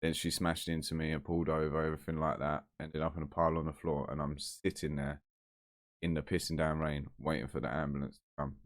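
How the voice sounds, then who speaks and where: A man's voice: a bass voice, level tone, fast talker, no echo, studio quality. A man telling a story to camera in a blunt, chatty, heavily sweary way. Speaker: vlogger.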